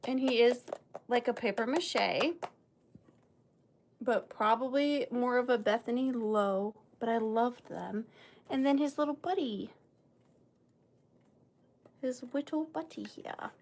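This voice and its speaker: A woman's voice: fairly high pitch, slow, pauses often, darkish tone. A woman with a Southern US accent hosting a live vintage sale, chatty and bubbly, thanking viewers by name. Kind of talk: casual live-stream selling. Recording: faint room noise.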